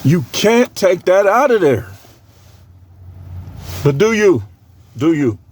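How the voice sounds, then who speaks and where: A man preaching a loose, humorous sermon while fighting off a cold, stopping now and then to cough. He talks at an unhurried pace in a slightly raised voice, laughing and teasing his listeners. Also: high voice, sing-song. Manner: joking, laughs often, slangy banter.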